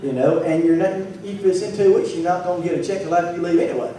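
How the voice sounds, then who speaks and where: A man's voice: sits high, fast, warm tone, a little hiss or hum. A man telling a personal story on stage to an audience, earnest and often repeating his words. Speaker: motivational speaker. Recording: very echoey hall, from far off.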